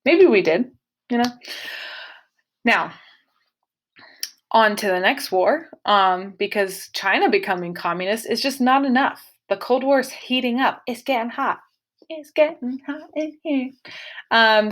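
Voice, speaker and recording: A woman's voice: fairly high pitch, a little slow, long pauses. A woman teaching a casual history lesson, talking to her students directly and adding playful, dramatic asides. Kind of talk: casual classroom lecture.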